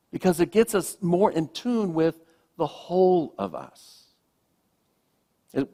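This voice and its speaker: Gentle, reflective male minister. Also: a little high. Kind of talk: sermon.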